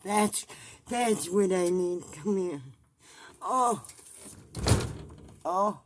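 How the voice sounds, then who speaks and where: A woman vlogger talking through her distress in a confessional video, halting and repeating herself, trailing off mid-thought. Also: mid-range voice, lively intonation, a little hiss or hum. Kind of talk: confessional vlog.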